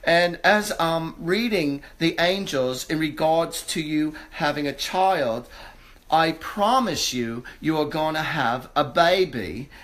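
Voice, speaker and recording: A psychic medium hosting a live reading speaks haltingly at first, searching for words with many fillers and restarts, before shifting to an upbeat, reassuring tone. His voice is fairly high and fairly bright.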